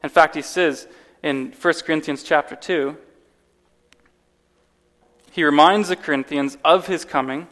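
A man's voice: a little high, a little slow, long pauses, fairly bright tone. A man preaching a sermon, telling a personal story earnestly and often restarting his words. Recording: long reverb of a large hall.

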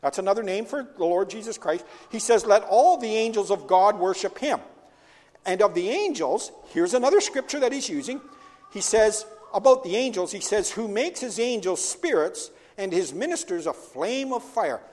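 A man's voice: high voice, expressive, normal speed, a little mellow. A man preaching a sermon as pastor, asking rhetorical questions and answering them himself. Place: church sanctuary. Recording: long church hall reverb.

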